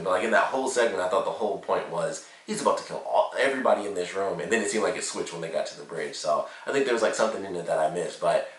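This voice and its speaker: A man with a very low voice talks through a TV episode in a loose, rambling way, leaning on fillers as he goes. He sits back from the microphone, and the room around him echoes noticeably. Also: racing, few pauses, recorded from a distance. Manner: rambling, lots of "like" and "you know" fillers. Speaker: TV show reviewer. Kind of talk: casual episode recap and review. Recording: roomy echo, set back from the mic.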